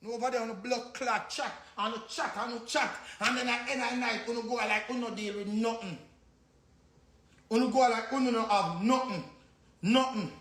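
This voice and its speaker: A man's voice: very high-pitched, steady tone, normal speed, a bit bright, reverberant. Angry Jamaican man ranting. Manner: angry, insulting, cursing, repetitive. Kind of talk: ranting on a phone livestream.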